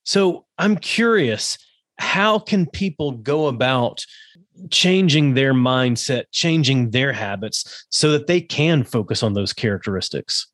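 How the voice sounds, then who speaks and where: A man's voice: mid-range voice, expressive, slow pace, a bit bright, dry recording, clean studio sound. A man hosting a podcast interview, agreeable and reflective, summing up points before asking questions. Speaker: podcast host.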